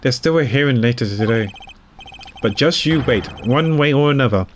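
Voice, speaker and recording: A man's voice: medium pitch, expressive, moderate pace, a little hiss or hum, close to an everyday voice. A man voicing a stern male prosecutor who stands firm against an accusing chairman in a game. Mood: defiant.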